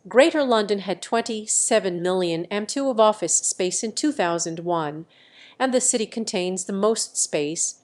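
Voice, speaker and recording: A woman narrating encyclopedia entries in an even, matter-of-fact reading with stiff pauses. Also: mid-range voice.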